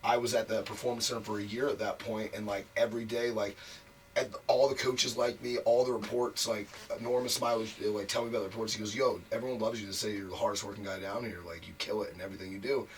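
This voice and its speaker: A man's voice: fairly low pitch, steady tone, quick pace, recorded from a distance. A man telling a long career story as an interview guest, frank and profane, packing his talk with "like" fillers. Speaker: wrestler guest. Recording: voice a bit off mic, faint noise.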